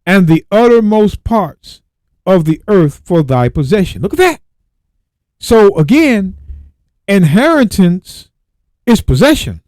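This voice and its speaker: Animated man teaching from scripture. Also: sits high, dry recording. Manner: reads verses slowly, then exclaims and repeats points. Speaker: radio Bible teacher. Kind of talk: Bible teaching with scripture reading.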